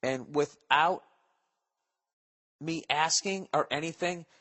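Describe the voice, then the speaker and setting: A man's voice: a little high, slow pace, bright, forceful tone, long reverb tail. A man in his forties hosting a podcast, rambling through listener mail in a profane, sarcastic, comedic monologue. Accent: Boston. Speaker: podcast host.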